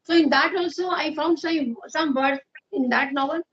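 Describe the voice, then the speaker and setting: A woman's voice: high voice, moderate pace, a bit bright. A woman with an Indian accent who explains her points in an agreeable way during a casual conversation, saying "yes" and "you know" often. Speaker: guest speaker. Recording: muffled lo-fi audio.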